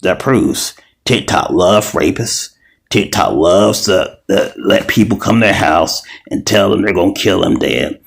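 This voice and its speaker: Low-voiced man ranting with profanity. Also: unhurried, creaky. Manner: profane, heated, repetitive ranting; stumbling restarts. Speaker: video creator. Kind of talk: angry ranting vlog.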